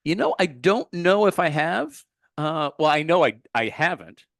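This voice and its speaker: A man's voice: on the high side, expressive, measured pace, vocal fry, fairly bright tone, dry recording, clean studio sound. Earnest man telling a heartfelt story. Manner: earnest, heartfelt, with filler words and self-corrections. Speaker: podcast guest, meditation teacher. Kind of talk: casual storytelling in an interview.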